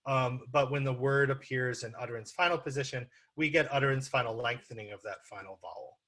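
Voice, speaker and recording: A man's voice: medium pitch, fairly quick, sharp tone. A man with an American accent gives an academic lecture over a video call, explaining slides with frequent ums and uhs. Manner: explanatory, many ums and uhs, walks listeners through slides. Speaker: guest lecturer.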